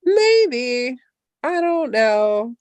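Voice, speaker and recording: A woman's voice: high voice, big pitch swings, extremely slow, a little mellow, no room sound. A woman hosting a livestream, chatting casually on a group voice call in a rambling way with lots of fillers. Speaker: livestream host. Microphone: online voice call.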